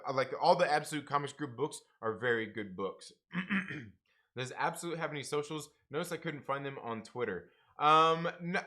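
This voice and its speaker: A man's voice: medium pitch, sharp tone. A man hosting a comics livestream, chatting casually with viewers, laughing often and calling people man and bro. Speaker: comics review livestream host.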